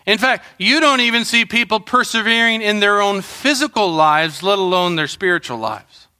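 A middle-aged man preaching a sermon as pastor, telling animated stories and acting out what people said. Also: high-pitched, moderate pace, clear, resonant tone. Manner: animated storytelling, acts out quotes and shouts.

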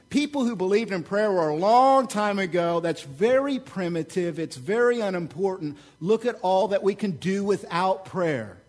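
A man preaching a sermon as pastor, joking asides and emphatic loud peaks. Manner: animated, swings between loud emphatic peaks and low asides; joking, conversational asides to the congregation. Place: church.

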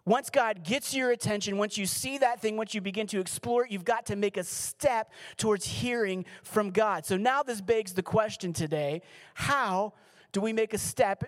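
A man, a pastor, preaching a sermon in an earnest, pleading way, slowing down and dropping to a near hush on key lines. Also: high-pitched.

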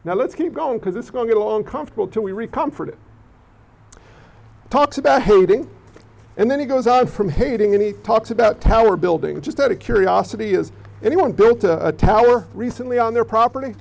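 A high-voiced man with a gravelly edge, preaching with lively energy and frequent restarts. The recording is muffled and lo-fi. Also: a little fast. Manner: animated, repeats words, acts out quoted people. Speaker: pastor. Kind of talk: sermon. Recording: dull lo-fi recording.

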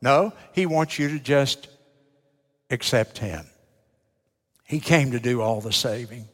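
Older Baptist preacher in a reverberant church. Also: male voice, mid-range voice, slow, fairly bright tone. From United States. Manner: emphatic, folksy, rhetorical questions. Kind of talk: sermon. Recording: long hall reverb.

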